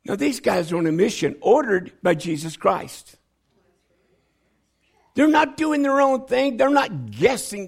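A man delivers a sermon at a slow, deliberate pace, his voice rough and gravelly and pitched a little high. He sinks low and hushed, then climbs into loud, high pleading as he acts out the people in his story. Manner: animated, swings from low and quiet to loud high pleas. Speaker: preacher.

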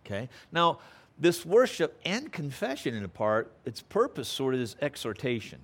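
A man's voice: mid-range voice, a bit bright. A man teaching a Bible passage in a conversational way, checking in with listeners and building to emphatic preaching. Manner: conversational, checks in with frequent "okay?"; acts out quotes with playful voices.

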